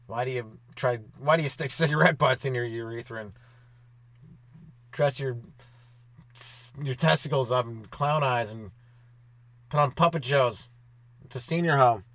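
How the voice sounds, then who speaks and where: A young man hosts a solo stand-up comedy podcast, rambling loosely and profanely with quick asides. His mid-range voice is a bit bright, with no room sound.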